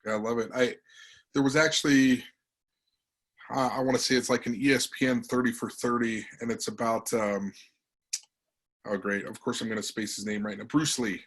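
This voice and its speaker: A man's voice: mid-range voice, steady tone, normal speed, pauses often, a bit bright, rough recording. A man hosting an interview, chatting loosely and rambling as he frames his questions. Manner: loose, rambling, lots of fillers. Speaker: interviewer, host. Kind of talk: conversational interview.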